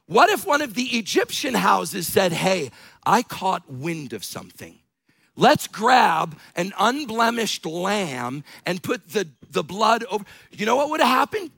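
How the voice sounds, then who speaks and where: Man, middle-aged pastor, lively high voice, gravelly edge, dry close sound. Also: measured pace, dry recording. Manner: animated storytelling with bursts of shouting and laughter. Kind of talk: sermon.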